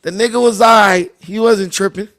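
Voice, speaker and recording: A man's voice: high voice, fairly even intonation, moderate pace, fairly bright tone. A man from Long Beach, telling profane, laughing stories as a livestream host. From Long Beach, California. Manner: loose, profane, laughing storyteller. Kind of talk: casual storytelling.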